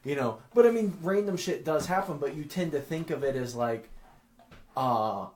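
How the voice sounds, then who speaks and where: A man who is a podcast guest, rambling in casual chat and filling his talk with "like" and restarts. His voice sits a little high. The room around him rings with echo. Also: animated, moderate pace, a little mellow.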